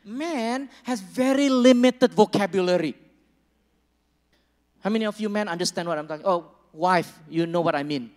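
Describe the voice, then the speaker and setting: A man's voice: high-pitched, normal speed, darkish tone. A man preaching a sermon as a pastor, conversational and joking with the congregation, acting out small dialogues. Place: church hall. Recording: long reverb of a large church hall.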